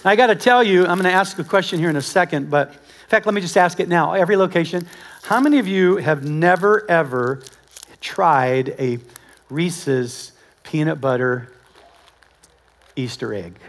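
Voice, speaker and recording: A man with a notably high voice preaches to his congregation at a church service. He tells stories in an animated, conversational way and often turns to speak right to the people in front of him. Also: normal speed. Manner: animated storytelling with acted-out quotes; conversational, talks directly to the congregation. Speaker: pastor. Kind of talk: sermon.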